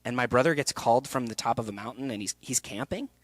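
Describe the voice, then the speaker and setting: A young man speaking candidly at a festival talk, telling a personal story with energy and quick asides. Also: mid-range voice, no room sound. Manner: energetic, candid storytelling with laughs and acted quotes. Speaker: actor and speaker. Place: event hall.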